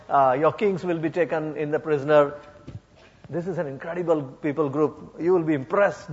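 A man from India preaching a sermon, hesitant with many fillers, rising to impassioned emphasis. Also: fairly high pitch. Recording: muffled sound with long hall reverb.

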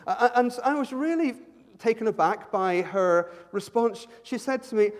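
A man's voice: high-pitched, big pitch swings, moderate pace, in a large hall. A man brought up in Ireland, preaching a sermon as a pastor in a conversational way, with joking asides and repeated words as he starts his sentences. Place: church hall.

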